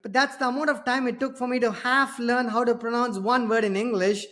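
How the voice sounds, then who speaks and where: A man's voice: very high-pitched, fairly even intonation, fairly quick, a bit bright. A middle-aged man from India with an Indian accent, hosting a podcast in a chatty, self-deprecating way. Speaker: podcast host. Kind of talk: casual conversation.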